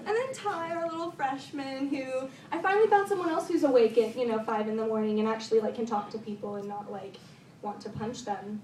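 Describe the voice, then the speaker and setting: With a slightly high voice and a fairly quick delivery, a teen golfer rambles through a warm thank-you at her high school banquet, leaning on "like" and "um" in a bubbly way. The background is noisy, and the echoey banquet room was recorded from far away with loud ambience.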